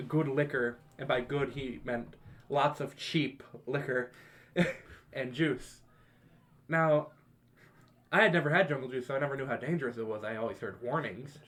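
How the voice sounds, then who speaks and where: A young man co-hosting a podcast, casually telling a profane, laugh-filled story to friends. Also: mid-range voice. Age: young adult. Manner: laughing, profane, animated retelling. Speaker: podcast co-host.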